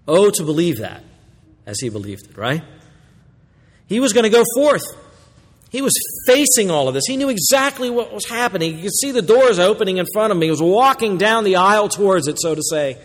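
A man's voice: high voice, expressive, brisk. Preaching man in an echoing hall. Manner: dynamic preaching, swinging from hushed to loud exclamations. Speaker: pastor. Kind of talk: sermon.

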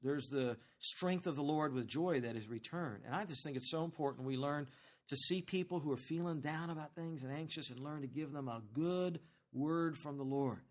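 Guy pastor preaching, kinda high voice, chatty and lively, keeps asking the crowd stuff. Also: moderate pace. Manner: conversational, animated preaching with questions to the congregation. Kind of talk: sermon.

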